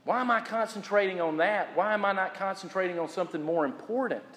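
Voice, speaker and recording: A man delivers a sermon in a fairly high voice, pressing key phrases with slow, drawn-out emphasis. His words ring out with a long reverb, as if spoken in a large church hall. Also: fairly bright tone. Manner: preaches with rising emphasis and slow repeated phrases. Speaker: pastor.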